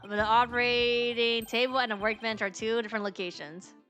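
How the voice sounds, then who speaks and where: A woman's voice: a little high, steady tone, fairly quick, a bit bright, faint music behind. A woman streaming a game, reading its dialogue aloud and chatting in a rambling, filler-heavy way, laughing often. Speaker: VTuber streamer.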